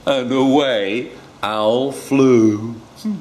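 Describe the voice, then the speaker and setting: A man's voice: medium pitch, fairly even intonation, drawn-out words, a little mellow. A man demonstrating a children's picture book read-aloud, with playful, musing asides to the viewer. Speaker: storyteller teaching reading aloud. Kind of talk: instructional read-aloud with commentary.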